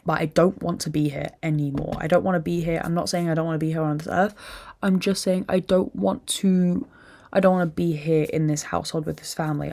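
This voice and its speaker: A young woman talks alone into the mic, her voice sitting low and dark. She is drained and upset, and she vents openly with plenty of swearing. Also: gravelly. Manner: emotional venting, frequent swearing. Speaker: podcast host. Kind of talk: candid solo monologue.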